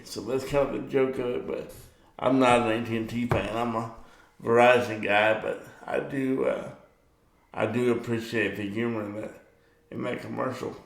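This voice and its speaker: A middle-aged man hosts his own video show, chatting and rambling casually in a monologue to camera, and he gets worked up when the topic turns to sports. His voice is medium-pitched with vocal fry and fairly even intonation, at a normal speed, with roomy sound.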